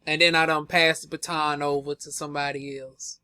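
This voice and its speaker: Man, young adult, sassy flamboyant gossip vlogger, high voice, dry close sound. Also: little pitch movement, a little fast, bright, forceful tone, clean tone, no room sound. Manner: sassy and flamboyant, full of "honey" and drawled asides. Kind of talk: casual gossip commentary.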